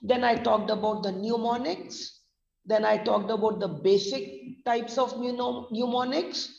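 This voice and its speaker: A woman's voice: a little high, steady tone, measured pace, vocal fry, a little mellow. A woman with an Indian English accent teaching pronunciation, spelling words letter by letter and explaining stress. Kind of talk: online lesson, spelling out words. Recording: dull distant roomy audio.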